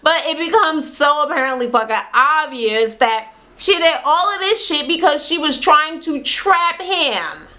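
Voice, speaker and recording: A woman's voice: high-pitched, lively intonation, a little slow, hardly any pauses, pushed and bright. A woman casually recapping a reality TV show, sassy, gossipy and heavily profane.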